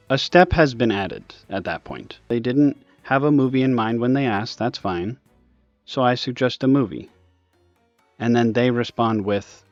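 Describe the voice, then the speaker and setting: A man's voice: mid-range voice, moderate pace, no room sound, dull audio, soft background music. Exasperated man ranting over gameplay. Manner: exasperated, animated ranting with sudden bursts. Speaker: gaming video host.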